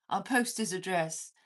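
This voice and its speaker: Swearing, laughing Welsh woman streamer. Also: on the low side. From Wales. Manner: laughs often, swears freely, banters with chat. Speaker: livestream host. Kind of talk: casual livestream chat with viewers. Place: cabin.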